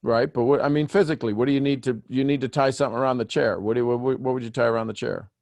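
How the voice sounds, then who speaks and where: A man's voice: mid-range voice, very fast, creaky, no room sound. A man hosting a live group coaching call on video, joking with his listeners and walking them through questions step by step. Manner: animated, teasing, questioning step by step. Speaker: host coaching callers.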